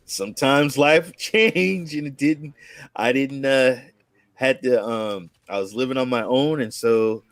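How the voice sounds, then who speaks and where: A man's voice: medium pitch, no room sound. A man in his forties, from Oakland, telling his life story in a rambling, casual way with many restarts and acted-out quotes. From Oakland, California. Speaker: guest, content creator.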